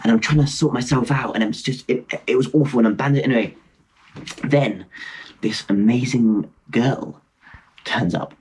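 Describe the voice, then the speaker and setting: A man in his twenties from Britain, a podcast guest rambling excitedly through travel anecdotes with frequent laughter over a video call. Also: medium pitch, moderate pace. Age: 20s. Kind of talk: casual storytelling chat.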